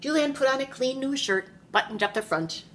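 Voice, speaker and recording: A woman's voice: high-pitched, brisk, slight background noise. A woman, a preschool teacher, reading a picture book aloud to young children in a classroom and asking them questions along the way. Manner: animated storytelling, asks the children questions.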